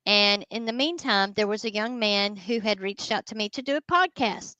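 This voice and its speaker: A woman, a guest ghost hunter telling a story in casual, animated talk. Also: medium pitch, moderate pace, no echo, dull audio. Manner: animated, addresses listeners as y'all.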